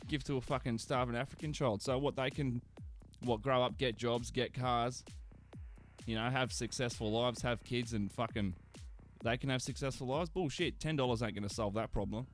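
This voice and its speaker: A man's voice: medium pitch, steady tone, moderate pace, soft background music. A man with an Australian accent hosting a radio show, rambling in crude, sarcastic, swear-heavy banter full of fillers. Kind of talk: casual profane radio banter.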